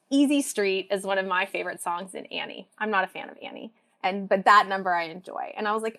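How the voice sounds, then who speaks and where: A woman's voice: medium pitch, quick pace, few pauses, fairly bright tone. A woman guest on a podcast, telling a personal story in a reflective way, with frequent fillers. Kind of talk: casual conversation.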